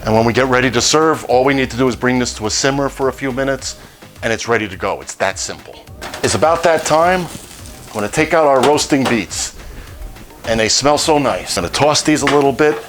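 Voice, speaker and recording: Man, cooking show host, relaxed step-by-step talk, jokey asides, average pitch. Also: brisk, faint music behind. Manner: relaxed, jokey, cracks puns. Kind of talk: home cooking demonstration.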